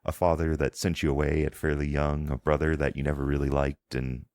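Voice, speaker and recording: A man's voice: extremely low pitch, level tone, brisk, darkish tone, no echo, studio quality. A man as game master, narrating a tabletop game in a meandering, descriptive way, often searching for words.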